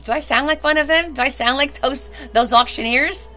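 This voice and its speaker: A cheerful woman hosts a live online auction, announcing bids and laughing between them. Her voice is crisp and bright, and she talks in a chatty, friendly way, recorded on a phone. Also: high voice, moderate pace, soft background music. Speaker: host selling scrapbooks in a live auction.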